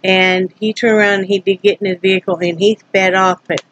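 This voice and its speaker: A woman's voice: medium pitch, level tone, fairly quick, a bit bright, muffled recording. A woman from Wyoming telling a story to her camera in a casual, rambling way, acting out both sides of a tense encounter with many restarts. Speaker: vlogger.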